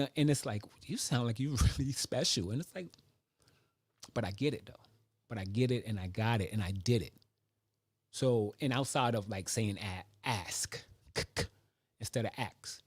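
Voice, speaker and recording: A man in his forties talking casually about school, an animated storyteller who acts out other people's voices. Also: mid-range voice, no echo, studio quality. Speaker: vlogger. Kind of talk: casual reflective monologue.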